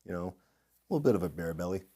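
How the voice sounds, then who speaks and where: A middle-aged man speaking as a guest in an interview, telling lively anecdotes and acting out the voices of people he quotes. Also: deep voice, racing, slightly rough. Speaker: guest speaker, industry consultant. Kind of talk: storytelling in a podcast interview.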